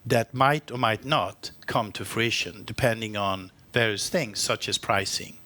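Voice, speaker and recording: Bright-voiced executive man, frank. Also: lowish voice, a little slow. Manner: frank, many restarts and fillers. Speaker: company executive. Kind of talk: panel discussion answers.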